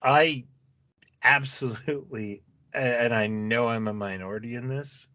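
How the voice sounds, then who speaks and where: A man's voice: mid-range voice, unhurried, bright, forceful tone, no room sound. A man from Canada co-hosting a podcast in casual chat, laid-back, laughing often and teasing. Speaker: podcast co-host. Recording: dry, slightly dull lo-fi audio.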